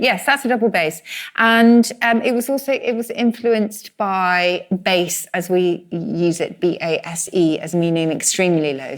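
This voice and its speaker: A woman co-hosting a podcast, explaining word origins in a friendly way and thinking aloud as she goes. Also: on the low side. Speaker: podcast co-host, word expert. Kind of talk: casual chat.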